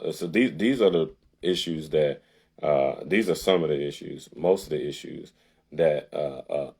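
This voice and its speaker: A man's voice: dark tone, husky. A man giving a sarcastic, heated commentary, reading from a website and pushing back on it. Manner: sarcastic, heated, rising to high outbursts. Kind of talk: casual monologue reading and critiquing a website.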